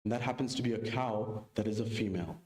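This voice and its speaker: A man giving a sermon, telling a story and acting out its dialogue with big pitch jumps. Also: fast, a little mellow. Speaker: preacher. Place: mosque hall. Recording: echoey mosque hall.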